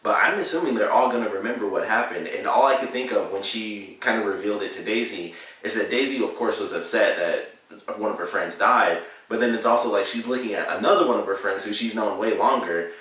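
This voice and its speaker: Give me a man with a slightly low voice chatting through a show review, recorded in a very echoey room. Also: brisk, fairly bright tone, recorded from a distance. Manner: rambling, enthusiastic, many fillers and restarts. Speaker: TV episode reviewer. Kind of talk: casual spoken review. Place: home room with a dog. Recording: very echoey room, voice a bit off mic.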